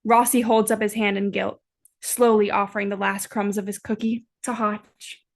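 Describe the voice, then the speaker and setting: A woman's voice: medium pitch, level tone, moderate pace, gravelly. A woman from the United States reading aloud a short fan fiction her group wrote for a games night.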